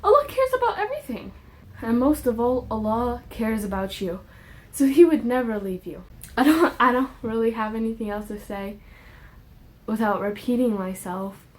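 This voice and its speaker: Young woman, high voice, earnest faith vlog, repeats lines with rising emphasis, casual slang asides. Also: moderate pace, darkish tone. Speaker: faith vlogger. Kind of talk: emotional religious monologue.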